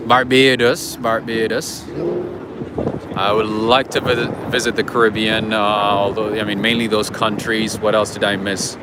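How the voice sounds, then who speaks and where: A man hosting a casual livestream outdoors on a city street, chatting with viewers and greeting them by name. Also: on the low side. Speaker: livestream host. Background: street traffic.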